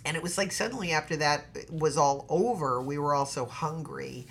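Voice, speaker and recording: A middle-aged woman with a low voice tells a story to a podcast host. She acts out each quote with drama and swings in loudness. Soft background noise sits under her voice. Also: normal speed, vocal fry. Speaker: guest, actress. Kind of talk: animated storytelling in a podcast interview.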